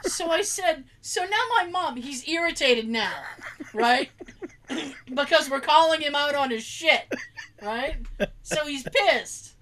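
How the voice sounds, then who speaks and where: A woman with a high, bright voice that swings widely in pitch tells a story in a casual podcast chat. She is animated and profane and slips into voices for the people in her story. Her delivery is sharp and lively throughout. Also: slow, a little hiss or hum. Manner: animated, profane, acts out family members' voices. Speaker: podcast co-host.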